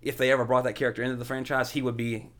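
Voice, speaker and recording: A man's voice: medium pitch, little pitch movement, rapid-fire, fairly bright tone. A man hosting a podcast, chatting casually and enthusiastically about films with lots of fillers. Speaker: podcast host. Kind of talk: casual film chat.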